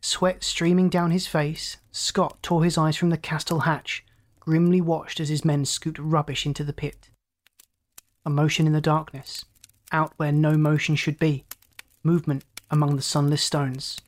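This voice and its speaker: A narrator reading a story aloud in a steady, dramatic way. The pace stays even, with pitch in the middle range for a reader. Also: measured pace. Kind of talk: audiobook narration.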